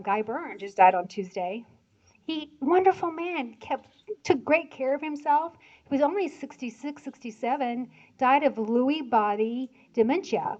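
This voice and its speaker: An older woman from Indiana speaks to a church audience in a chatty, animated way. She often adds laughing asides, and her voice sits fairly high. The recording sounds dull and lo-fi. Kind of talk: church talk.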